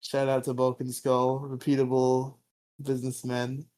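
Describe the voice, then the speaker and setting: Young man, podcast co-host, casual recap chat, swears freely, quick character impressions. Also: mid-range voice, monotone, mellow.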